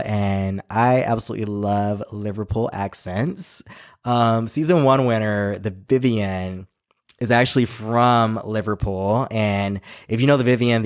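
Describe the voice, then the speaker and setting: A man hosting his own podcast, chatting in a playful, slangy, animated way and laughing often. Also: lowish voice, no echo, clean studio sound. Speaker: podcast host. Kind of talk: casual solo podcast chat.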